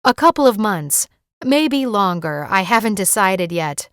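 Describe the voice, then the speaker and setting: A woman's voice: mid-range voice, sing-song, unhurried, a bit bright, clear, resonant tone, no room sound, studio quality. A woman voicing a polite, guarded young woman heroine in an audiobook.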